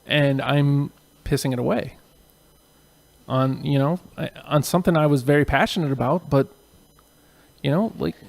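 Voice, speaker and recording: Gravelly man talking bluntly. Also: a little high, normal speed, pauses often. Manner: blunt, candid, profane. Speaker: podcast co-host. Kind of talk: casual chat.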